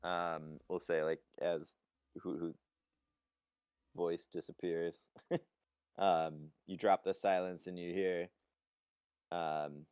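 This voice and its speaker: A man narrating as game master in a relaxed, halting way with many fillers. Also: deep voice, smooth, no echo, studio quality.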